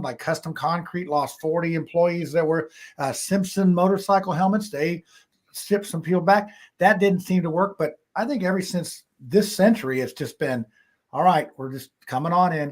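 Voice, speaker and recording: A man's voice: fairly high pitch, darkish tone. A man hosting a live talk show in casual chat, rambling with many fillers and frequent chuckles.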